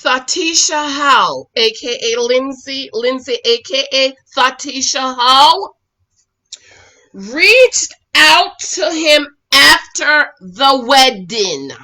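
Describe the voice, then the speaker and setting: Woman reviewer, bright and a touch high, sassy recap talk that swings from loud scolding to quiet asides. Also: slow pace. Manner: sassy, scolds the people on screen; animated, switches between loud and quiet asides. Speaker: reality TV reviewer. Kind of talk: casual recap commentary.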